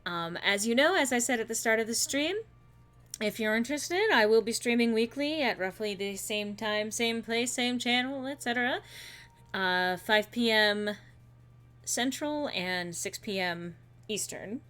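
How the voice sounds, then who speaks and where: Woman streamer, casual and playful, bright slightly high voice. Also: lively intonation, a little slow, faint music behind. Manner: chatty, playful, with frequent fillers.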